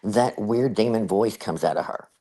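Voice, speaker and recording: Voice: mid-range voice, moderate pace, dark tone. A host giving casual, rambling, exasperated reaction commentary on a clip.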